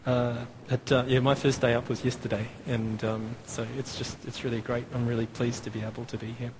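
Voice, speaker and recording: A man's voice: mid-range voice, flat delivery, a little fast. An Australian man in his thirties gives a chatty, self-deprecating sermon in a church, with many fillers and restarts. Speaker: preacher. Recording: long hall reverb, faint room noise.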